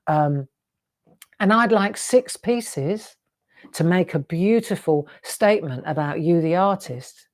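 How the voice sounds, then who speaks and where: A woman's voice: lowish voice, expressive, slow pace, darkish tone, no echo. A woman in her sixties hosting a craft show, chatty and effusive, gushing over viewers' artwork with storytelling asides. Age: 60s.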